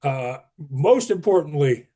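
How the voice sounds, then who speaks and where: A man's voice: a little high, lively intonation, measured pace, warm tone. A man speaking as a podcast guest, earnest and emphatic, pushing up his voice on key advice. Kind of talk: casual interview talk.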